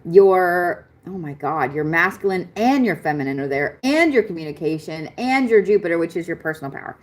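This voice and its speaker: Chatty woman astrologer, low voice, excitable and casual, live-stream reading. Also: fairly quick. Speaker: astrology reader.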